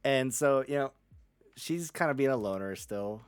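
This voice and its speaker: Male co-host, relaxed profane review banter, mid-pitched, dry recording. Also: normal speed, clean tone, no echo. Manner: loose and profane, acts out characters in quotes. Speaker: podcast co-host. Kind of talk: casual manga review chat.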